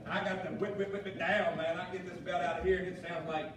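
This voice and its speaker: A male pastor, preaching a fiery sermon with shouted emphasis and folksy asides. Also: high voice. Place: church sanctuary. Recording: echoey church hall, mic far off, faint noise.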